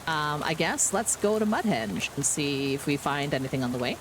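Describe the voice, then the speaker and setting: A woman streaming a game, reading the on-screen text aloud with playful, deadpan asides. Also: low-pitched, moderate pace, background noise. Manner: playful, deadpan asides, does silly frog voices.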